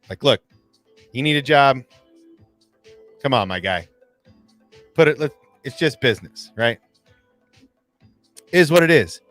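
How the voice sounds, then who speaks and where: A man hosting a fan channel, recapping an episode in casual livestream chat, excitable and acting out lines in voices. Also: fairly high pitch. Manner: excitable, acts out quotes in voices.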